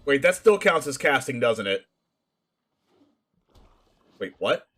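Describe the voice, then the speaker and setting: A young man streaming a card game, excitable, yelping, laughing and shouting at his plays. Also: mid-range voice, slow. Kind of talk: live gameplay commentary. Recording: faint music behind.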